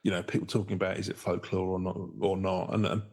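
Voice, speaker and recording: A man with a low, gravelly voice, a touch husky around the edges. He co-hosts a podcast in easy casual chat. His sentences wander and loop back as he corrects himself mid-thought. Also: level tone, fast talker, a little mellow. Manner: rambling, loose and self-correcting. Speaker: podcast co-host.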